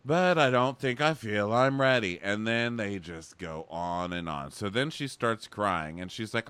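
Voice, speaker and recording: A man's voice: on the low side, a little slow, hardly any pauses, a bit bright, clear, resonant tone, dry recording. A man co-hosting a podcast, casually recapping a reality show in a gossipy, sardonic way and acting out quotes. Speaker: podcast co-host.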